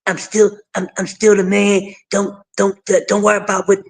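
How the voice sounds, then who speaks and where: A man impersonating a soft-spoken, monotone young male boxer who brags, with a whispery, slightly tongue-tied voice. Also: high voice, moderate pace, vocal fry. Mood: boastful. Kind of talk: comic impression on a livestream.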